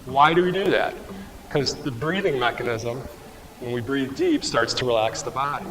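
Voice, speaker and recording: A man leads a qigong and mobility rehab class in a tiled-floor room, patiently guiding the group through every movement and posing questions to them. His mid-range voice is a bit bright, with a long reverb tail and a little hiss or hum.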